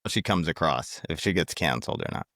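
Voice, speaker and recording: A man's voice: a bass voice, lively intonation, quick pace, pushed and bright, no echo, studio quality. A man co-hosting a casual comedic podcast, laughing often and acting out the people he quotes. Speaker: podcast co-host.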